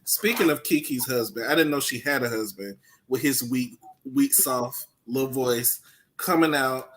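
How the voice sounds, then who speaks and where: A man co-hosting a casual chat show, reasoning through his points in a relaxed, conversational way. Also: medium pitch, normal speed. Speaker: co-host.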